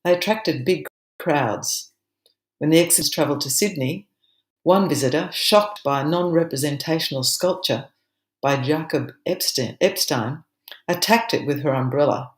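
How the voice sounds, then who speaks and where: An older woman giving a seminar talk with slides, then reading a poem aloud in a measured, expressive way with deliberate pauses. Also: low-pitched. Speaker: seminar presenter. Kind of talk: illustrated lecture with a dramatic poem reading. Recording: echoey room sound.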